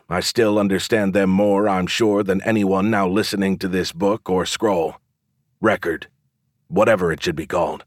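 Audiobook narrator, male, low-pitched, dry close sound, measured first-person storytelling. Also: no room sound.

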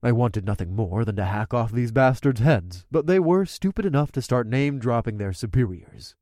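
A man's voice: mid-range voice, lively intonation, normal speed, a little mellow, no echo. Male narrator for a gritty first-person story, mid-range voice, dry close sound.

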